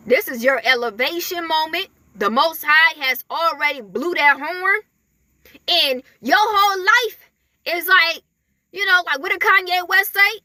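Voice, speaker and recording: Woman, spiritual messenger: very high, sharp voice, dry close sound, casual filler-heavy delivery. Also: unhurried, no room sound. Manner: chatty, filler-heavy, laughing often.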